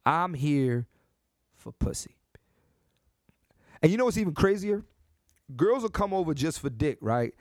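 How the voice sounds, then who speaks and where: Brash animated man podcasting. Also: a little high, moderate pace, dry recording, clean studio sound. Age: 30s. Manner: brash, animated, repetitive restarts. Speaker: podcast host. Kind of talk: comedic solo podcast monologue.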